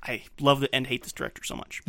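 A man's voice: medium pitch, little pitch movement, quick pace, bright, forceful tone, no echo. A man co-hosting a casual podcast, walking through a film scene by scene and dropping behind-the-scenes fun facts. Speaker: podcast co-host.

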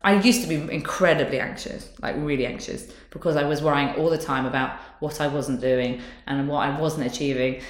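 A woman's voice: low voice, steady tone, fairly quick, hardly any pauses. A woman in her thirties, chatting candidly and casually, often laughing. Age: 30s. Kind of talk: casual chat. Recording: roomy echo.

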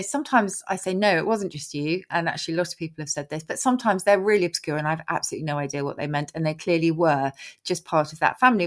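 A middle-aged woman being interviewed as a word expert, explaining with enthusiasm and rambling restarts. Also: on the low side. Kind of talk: conversational interview.

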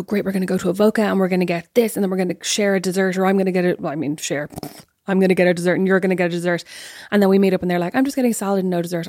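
A woman co-hosting a podcast, chatting casually in an animated, rambling, self-deprecating way. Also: lowish voice, no room sound, studio quality. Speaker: podcast co-host.

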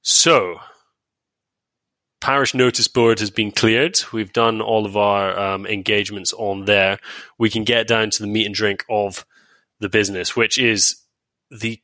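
Male podcast host, wry and chatty, bright forward tone. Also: lowish voice, fairly even intonation, a little slow, dry recording. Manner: wry, chatty, reading out plugs with many ums. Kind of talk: casual podcast chat.

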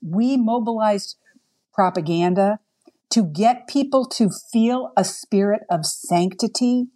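A woman's voice: mid-range voice, dark tone. Earnest woman guest in an interview. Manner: earnest and emphatic. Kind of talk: conversational interview.

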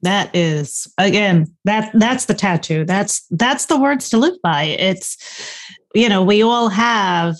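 A woman's voice: medium pitch, expressive, slow pace. A woman interviewer who affirms her guest and muses aloud, often restarting her sentences. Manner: affirming, musing, with repeated restarts. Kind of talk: interview conversation.

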